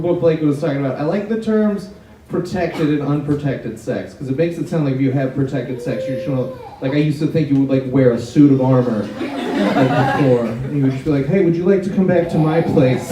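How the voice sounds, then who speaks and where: A young man doing stand-up comedy, awkward and self-deprecating as he jokes with the crowd. His voice sits at an ordinary pitch and comes from far off the mic in an echoey hall. Loud noise hangs under the recording. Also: brisk. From United States. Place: college auditorium before a live audience.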